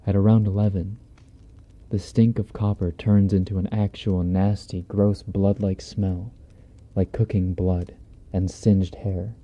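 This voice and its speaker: A man's voice: low voice, flat delivery, unhurried, warm tone. A man reading a horror story aloud on a stream in a laid-back, profane, conversational way, close on a binaural mic. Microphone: binaural dummy-head mic.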